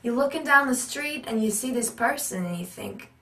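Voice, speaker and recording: A woman teaching about accents and voice work in an animated, emphatic way, repeating her key points. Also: on the high side, moderate pace, far from the mic. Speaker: acting and accent coach. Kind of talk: instructional talk. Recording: roomy echo, speaker off-mic.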